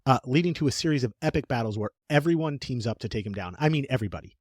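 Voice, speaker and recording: A man co-hosting a casual podcast, telling history as jokey, animated stories. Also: mid-range voice, very fast, dry recording, studio quality. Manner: jokey, animated storytelling with playful put-on voices. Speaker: podcast co-host.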